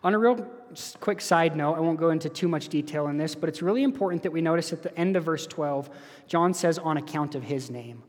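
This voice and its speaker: Earnest preacher in a reverberant hall. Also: male voice, fairly high pitch, brisk. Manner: earnest, conversational with direct questions to listeners. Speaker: pastor. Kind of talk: sermon. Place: church hall. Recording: echoey hall.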